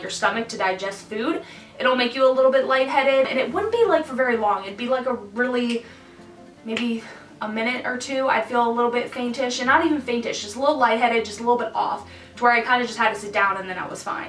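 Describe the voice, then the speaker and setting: A young pregnant woman chatting casually to her viewers, full of "like" and quick asides. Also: fairly high pitch, reverberant, recorded from a distance, low-quality recording. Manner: chatty, lots of "like", animated asides. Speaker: vlogger. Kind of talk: casual pregnancy update vlog. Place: hot room indoors.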